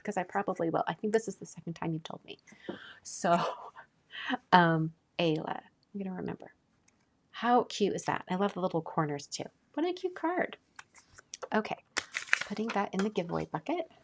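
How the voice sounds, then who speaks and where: A chatty woman with a lilt hosts a live stream in a fairly low voice. She gushes over what she is showing and keeps slipping into soft, breathy whispers between bright exclamations. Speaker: card-making channel host. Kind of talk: casual live-stream chat.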